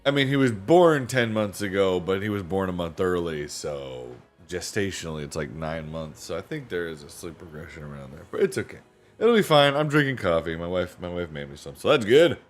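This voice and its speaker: A tired man, worn out after a sleepless night, hosts a livestream from home where he reads books aloud, with family nearby. His low voice is very animated and a little fast as he chats casually with live viewers, rambling and repeating himself over soft background music.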